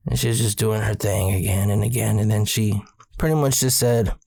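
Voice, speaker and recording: A man's voice: lowish voice, fairly even intonation, normal speed, gravelly, darkish tone, slightly rough, no echo, studio quality. A man in his forties, a podcast host, casually retelling a personal ghost story with plenty of swearing. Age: 40s.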